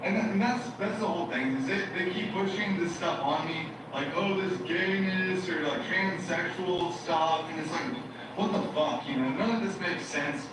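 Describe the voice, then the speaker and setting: A man's voice: high-pitched, moderate pace, background noise. A man in a rambling, agitated monologue, repeating himself with many fillers, heard as a recording played back in a courtroom. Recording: very echoey playback heard from far off.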